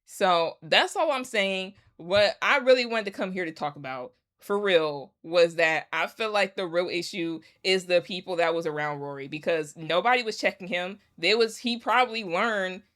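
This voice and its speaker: Woman vlogger, lowish voice, casual emphatic rant with a sarcastic edge. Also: normal speed, hardly any pauses, fairly bright tone. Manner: emphatic, sarcastic, repeats points. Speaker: commentary vlogger.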